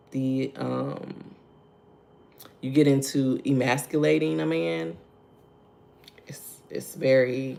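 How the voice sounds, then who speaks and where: A woman's voice: rumbling low, creaky, a little mellow. A woman hosting a casual devotional livestream. She laughs often, repeats her points, greets viewers by name and keeps asking "right?" and "okay?". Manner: asks "right?" and "okay?" to draw listeners in. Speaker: host of a morning devotional livestream.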